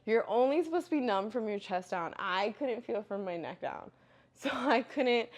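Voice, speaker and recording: A young woman chatting candidly as she answers viewer questions, filling her talk with "like" and "you know" and getting loud and lively when she tells a story. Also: a little high, moderate pace. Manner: gets loud and animated when telling stories. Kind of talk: casual Q&A chat.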